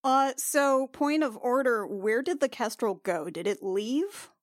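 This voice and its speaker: A woman's voice: on the high side, animated, measured pace, no echo, clean studio sound. A woman playing a character in a tabletop game, chatty and filler-heavy. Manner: chatty, lots of "like" and "I mean". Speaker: player. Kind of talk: casual tabletop play.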